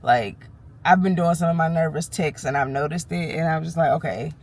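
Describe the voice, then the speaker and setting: A woman's voice: low-pitched, moderate pace, darkish tone. A woman vlogging candidly while nervous, telling a fired-up, frank story with cursing. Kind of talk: candid vlog. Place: parked car or doctor's office.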